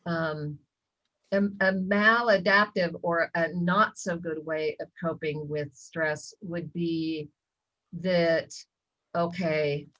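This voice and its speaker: Speaking slowly and steadily, a middle-aged woman with a lowish, fairly bright voice tells a personal story during a casual wellness webinar. She says um a lot and performs the quoted lines. The recording sounds muffled.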